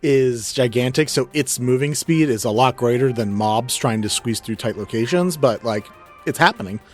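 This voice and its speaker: A man running a tabletop role-playing game. He has a mid-range voice and narrates casually, turning to each player. There is soft music behind him. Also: medium pitch. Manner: relaxed, quick to prompt players. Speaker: game master.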